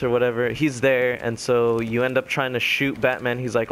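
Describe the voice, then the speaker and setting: Casual young male gamer, mid-pitched, rambling recap full of ums, faint hiss behind. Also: level tone. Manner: rambling, filler-heavy retelling with quick quoted voices. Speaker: gaming commentator. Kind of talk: casual spoken game recap.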